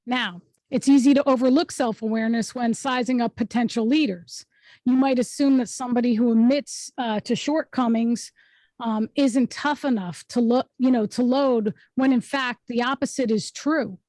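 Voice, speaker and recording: A woman's voice: fairly high pitch, steady tone, normal speed, a little mellow, no echo. A woman hosting an online workshop over a video call, teaching in an emphatic, instructive way and often checking in with the group. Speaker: host and speaking coach.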